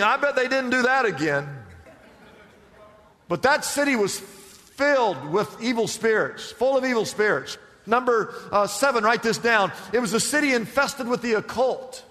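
A man's voice: very high voice, bright, forceful tone, in a large hall. A man preaching a sermon as pastor, emphatic and firing off rhetorical questions to the congregation.

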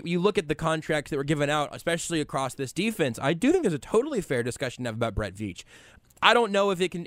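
A man's voice: mid-range voice, a bit bright, dry recording. A man hosting a sports radio call-in show in a studio, analyzing the game casually and often restarting his sentences. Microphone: studio microphone.

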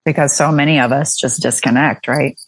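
A man hosting an interview, asking questions and offering quick, encouraging affirmations. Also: medium pitch, steady tone, a bit bright, no room sound. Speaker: host. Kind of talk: casual interview conversation.

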